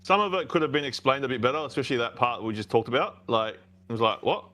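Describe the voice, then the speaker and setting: A man on a casual movie panel, asking quick, puzzled questions. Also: medium pitch, lively intonation, bright, forceful tone. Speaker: podcast panelist.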